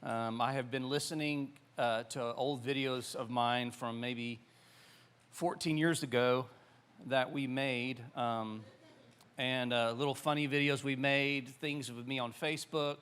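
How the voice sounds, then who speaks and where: A Southern American man in his forties preaching to his congregation. He keeps it loose and chatty, with frequent ums and restarts. His voice sits at an average pitch. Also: fairly even intonation, a little slow, fairly bright tone, clear, resonant tone. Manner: conversational, many fillers and restarts. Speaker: pastor. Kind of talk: sermon.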